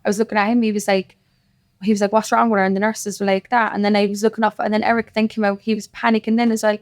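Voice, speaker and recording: Her mid-range voice holds a level tone in a studio-quality recording without echo. A Cork woman from Ireland, she's a guest in a podcast studio, telling her story rapidly and casually and quoting others as she goes.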